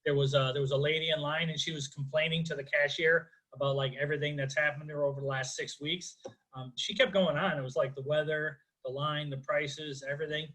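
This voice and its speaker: A middle-aged man with a Chicago accent works through a stand-up set on a video call. His voice sits a touch high and sounds bright and ringing. He rambles in a chatty, self-deprecating way, padding his jokes with fillers. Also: fairly even intonation, brisk, rough recording. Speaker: stand-up comedian.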